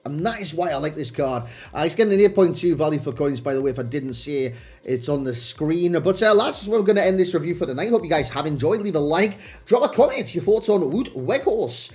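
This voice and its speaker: A man's voice: on the high side, lively intonation, fairly quick, darkish tone. A young man chatting casually to his viewers as he reviews a game card. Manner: chatty, addresses viewers as lads and boys. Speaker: gaming video creator. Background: faint background music.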